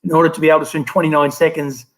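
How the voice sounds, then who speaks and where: A man's voice: fairly high pitch, rapid-fire, low-quality recording. Australian man in his fifties, rambling. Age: 50s. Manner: relaxed, rambling, frequent fillers and restarts. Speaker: guest, former Olympic swimmer. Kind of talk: casual interview storytelling.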